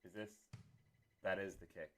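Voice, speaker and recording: This streamer has a low, steady, fairly bright voice and a moderate pace. As he composes music, he mutters to himself, hums drum rhythms quietly, and reads his chat aloud in easygoing talk.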